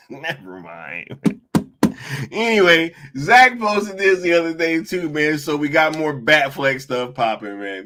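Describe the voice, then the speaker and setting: A young man with a voice on the high side hosts a live stream, chatting casually. His talk is slangy and animated as he mocks online critics, laughing often.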